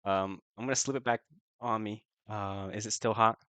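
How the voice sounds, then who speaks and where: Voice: mid-range voice, fairly even intonation, normal speed, a bit bright, no room sound. Tabletop player, laughs a lot, lots of ums, dry close sound. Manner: laughing often, hesitant with fillers. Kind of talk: playing a tabletop game.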